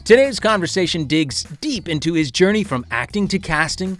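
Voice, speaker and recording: A man's voice: sits high, big pitch swings, normal speed, soft background music. A man putting on a corny, hammy Irish accent to introduce a podcast guest. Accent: put-on Irish. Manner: hammy, sing-song announcer delivery. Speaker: podcast co-host.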